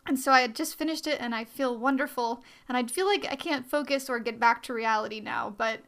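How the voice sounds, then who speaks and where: Bright, chatty young woman podcast host. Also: high-pitched, a little fast. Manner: chatty, rambling, self-deprecating. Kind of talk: casual podcast monologue.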